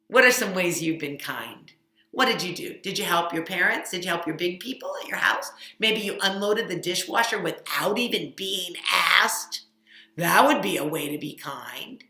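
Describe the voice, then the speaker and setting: A woman's voice: fairly low pitch, lively intonation, normal speed, bright, forceful tone. A woman teaching a children's church lesson, coaxing and asking the kids questions. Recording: roomy echo.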